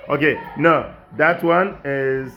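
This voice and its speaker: A man, a childcare educator gently encouraging and instructing children as they cook. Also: on the high side, slow, lo-fi sound, over music. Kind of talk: instructing children while cooking.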